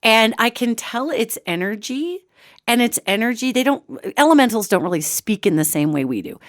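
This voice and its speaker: A woman host telling an animated story in a casual, expressive way, acting out quotes. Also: fairly high pitch, moderate pace, dry recording, studio quality. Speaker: radio show host.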